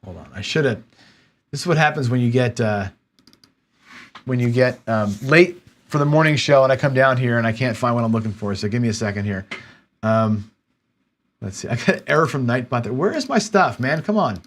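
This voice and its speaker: Male live-stream host, mid-pitched, casual, muttering and exasperated at his desk. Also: brisk. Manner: frustrated, muttering to himself while searching. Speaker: livestream host.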